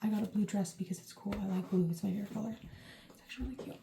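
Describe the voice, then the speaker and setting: A woman's voice: mid-range voice, racing, gravelly, warm tone, a little hiss or hum. A woman giving a casual tarot reading to the camera, rambling and chatty with lots of "like" and "um". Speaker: tarot reader. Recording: roomy echo.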